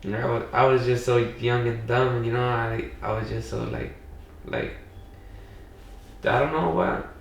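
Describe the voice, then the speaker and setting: With long pauses and a measured pace, a young man speaks in a gravelly, mid-range voice with a level tone. He's from Pacoima in Los Angeles and is a podcast guest telling a casual story that rambles, peppered with "like" and "you know." Slight background noise, room echo, and a far-off mic mark the recording.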